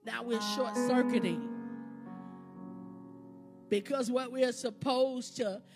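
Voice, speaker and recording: A woman with a high voice preaches in a live church service, her cadence swelling into fervent, repetitive exhortation. Instrumental music plays clearly beneath her words. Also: fairly even intonation, slow, a little mellow. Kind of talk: sermon. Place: church sanctuary. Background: instrumental music playing under the sermon.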